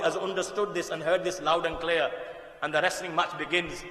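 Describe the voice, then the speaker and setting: Man, impassioned sermon storyteller, high bright voice, echoing mosque hall. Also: fairly even intonation, a little fast. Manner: impassioned, emphatic storytelling with sudden loud bursts and quiet drops. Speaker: preacher.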